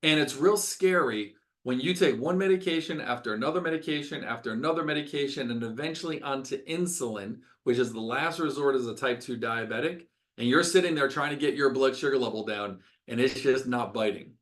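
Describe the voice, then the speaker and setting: A man's voice: mid-range voice, a little fast, a bit bright. A middle-aged man, a doctor hosting a webinar, talking with passion, ranting and repeating words for emphasis.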